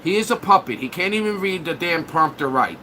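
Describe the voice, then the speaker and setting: A man on a live stream, crude and blunt, trash-talking the viewers in his chat. His voice sits high and has a bright, cutting edge. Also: lively intonation, brisk, slight background noise.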